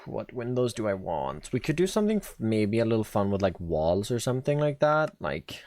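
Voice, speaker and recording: A man with a Swedish accent streaming live, thinking out loud as he builds and chatting easily with his viewers. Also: lowish voice, very animated, moderate pace, no echo. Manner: thinks aloud, chatty, reads chat and answers viewers. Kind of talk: casual live-stream chat while building.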